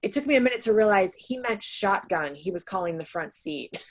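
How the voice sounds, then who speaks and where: A woman's voice: mid-range voice, expressive, fairly quick. A woman in her thirties, a sales trainer, giving a casual webinar presentation over a video call and talking in a chatty way with many fillers. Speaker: sales trainer presenting to real estate agents.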